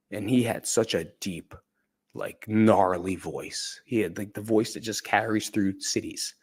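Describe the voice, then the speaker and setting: A man's voice: lowish voice, fairly even intonation, a little slow, darkish tone, husky. A man candidly telling a personal story in a conversational, profane way. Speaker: podcast speaker.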